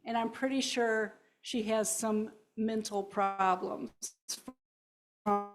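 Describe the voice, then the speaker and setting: A woman's voice: medium pitch, steady tone, takes it slowly, poor audio. Nervous woman telling her story in church. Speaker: congregation member sharing a story. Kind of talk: personal testimony. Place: church sanctuary.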